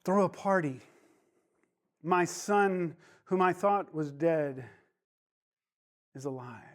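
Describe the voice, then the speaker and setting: A male Bible teacher retells a parable in a storytelling manner, wandering off on side digressions before returning. His voice sits high for a man and he takes his time. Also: slow pace. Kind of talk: Bible study lesson.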